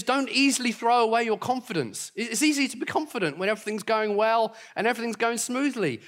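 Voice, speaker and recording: A man's voice: high voice, a bit bright. A man preaching a sermon as pastor to his congregation, upbeat and confident, with friendly asides. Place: church auditorium.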